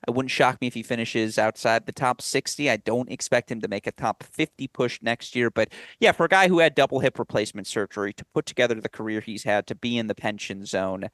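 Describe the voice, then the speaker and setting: A man hosting a sports podcast, talking through his picks in rapid, animated run-on analysis. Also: mid-range voice, no room sound. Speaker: podcast host. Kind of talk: casual sports podcast chat.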